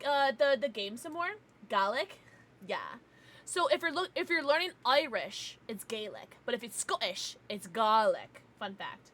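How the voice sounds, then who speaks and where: A woman streamer chats casually with her viewers in a playful, giggly way. Her voice is bright and sits fairly high. Her delivery swoops up and down with lots of life. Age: adult, parent. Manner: giggly, playful, teasing outbursts. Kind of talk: casual livestream chat, reading chat.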